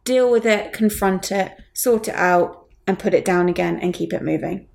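A woman in her thirties, talking candidly and bluntly in a casual chat, swearing freely and rising in pitch as she heats up. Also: normal speed, gravelly, a little mellow. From England.

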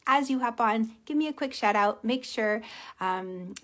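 A woman hosting a casual motivational livestream, telling stories animatedly and dropping to a soft hush on key points. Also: a little high, measured pace. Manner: animated storytelling with acted-out quotes. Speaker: live stream host, empath coach.

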